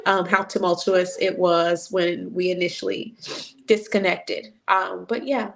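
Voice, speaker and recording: Gravelly-voiced woman preaching her testimony. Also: on the low side, fairly even intonation, unhurried. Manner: preachy, emotional, repetitive phrasing. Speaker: host. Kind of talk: casual testimony chat.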